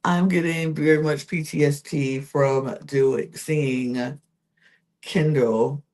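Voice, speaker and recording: A woman's voice: sits low, fairly even intonation, slow, darkish tone. A woman hosting a casual reality TV recap podcast, chatty and full of fillers and self-corrections. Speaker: podcast host.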